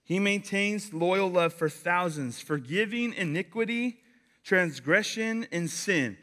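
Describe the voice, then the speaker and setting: A young man giving a casual youth sermon, chatty and animated, telling stories with lots of fillers. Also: high voice, slow pace. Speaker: youth pastor.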